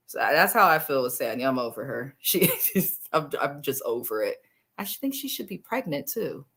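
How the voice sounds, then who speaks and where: A woman with a slightly low voice rants about a reality show in loose, blunt chat. She talks in slang and sounds exasperated. She is on a video call. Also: normal speed, fairly bright tone. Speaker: reality TV review host. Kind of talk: casual opinionated chat.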